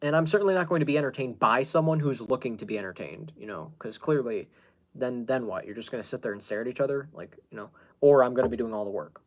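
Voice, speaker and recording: Speaking quickly at medium pitch, a male podcast host tells casual, rambling stories, stumbling through many fillers and restarts.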